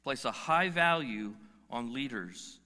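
A man's voice: mid-range voice, expressive, slow, pushed and bright. A man preaching a sermon as pastor, emphatic, firing rhetorical questions and stretching out key words. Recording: long reverb of a large hall.

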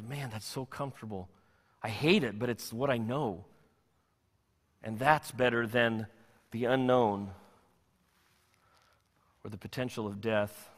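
A man preaching a sermon as pastor, animated, acting out the voices of the people in his story. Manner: animated, voices the Israelites in a high anxious pitch. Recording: long hall reverb.

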